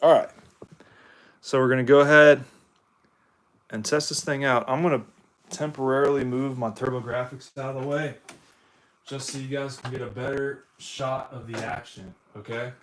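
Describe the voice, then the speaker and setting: A young man streaming live from Ohio, in the United States, sets up his gear and talks casually to his audience, rambling, cursing and calling everyone "dude." He has a steady, medium-pitched voice, a moderate pace and frequent pauses.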